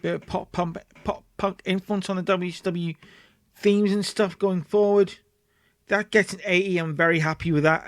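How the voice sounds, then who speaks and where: High-voiced man narrating a game. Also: steady tone, normal speed, dry recording. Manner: chatty, narrates and acts out scenes. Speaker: let's play host. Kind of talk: casual game commentary.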